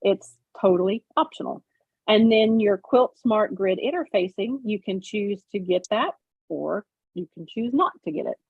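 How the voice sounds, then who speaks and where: A woman's voice: medium pitch, expressive, moderate pace, husky, dry recording, phone-quality sound. A woman hosting a casual livestream, explaining step by step with lots of fillers. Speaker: host. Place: home sewing room on a video call.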